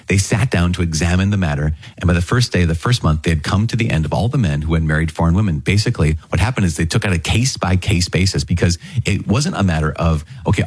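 A man's voice: low-pitched, slightly rough, no echo. A man preaching as a priest, giving a conversational, earnest homily on the day's scripture readings with frequent restarts and asides.

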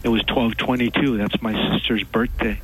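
A man calling in to a radio show, telling a story in a halting way with many pauses and fillers. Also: medium pitch, steady tone, slight background noise, rough recording. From Texas. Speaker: caller. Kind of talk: call-in radio chat.

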